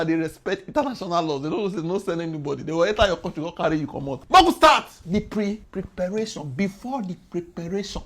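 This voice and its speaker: A woman with a Nigerian Pidgin English accent talks through current events in a casual, lively explainer. Her voice is husky and mid-pitched, and it jumps from loud bursts to quiet asides. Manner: animated, swings loud and soft, laughs between points. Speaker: commentator.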